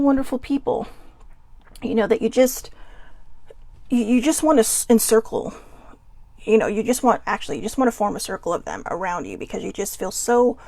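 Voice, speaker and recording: Woman host, chatty live-stream talk, a touch high and gravelly, dry close sound. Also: no echo. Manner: chatty and warm-hearted, with soft laughs and asides. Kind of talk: casual live-stream chat, reading viewer comments.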